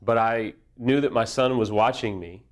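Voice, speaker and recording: A man's voice: medium pitch, normal speed. A middle-aged man giving a candid, self-deprecating talk on recovery, mixing humor with open vulnerability. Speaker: affair recovery speaker. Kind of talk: candid casual teaching talk.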